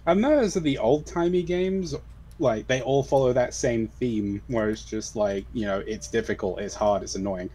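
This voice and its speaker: A young man chatting casually on a game stream, relaxed and teasing, with some swearing. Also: mid-range voice, moderate pace. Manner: laid-back, teasing, swears. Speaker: co-host friend. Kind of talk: casual chat.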